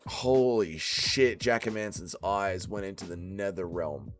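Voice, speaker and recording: A man's voice: low-pitched, unhurried, soft background music. A man hosting a fight watch-along stream, swearing a lot and bantering with his chat. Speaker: livestream host.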